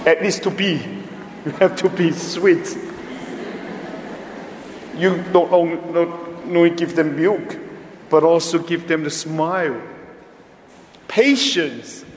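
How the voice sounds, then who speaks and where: Slow-spoken priest in an echoey church. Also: male voice, fairly high pitch, a little hiss or hum. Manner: slow, emphatic, pausing often, non-native phrasing. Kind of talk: homily at Mass. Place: large church. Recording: echoey church with long reverb.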